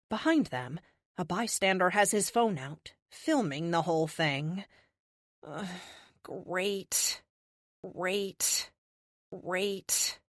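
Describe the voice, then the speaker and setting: A young woman narrating an audiobook in the first person, expressive and dramatic, her pitch rising and falling widely. The recording is close and dry, with no room sound. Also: no room sound.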